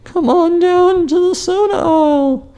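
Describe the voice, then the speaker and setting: A man voicing a cheery, salesy talking grocery store in an exaggerated sing-song pitch. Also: measured pace, mellow. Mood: gleeful sales pitch.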